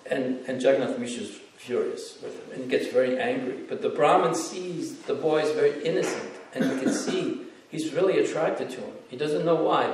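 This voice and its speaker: A man giving a devotional storytelling lecture, animated and acting out voices from the stories, in a temple hall. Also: fairly high pitch, brisk. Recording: echoey hall, distant mic.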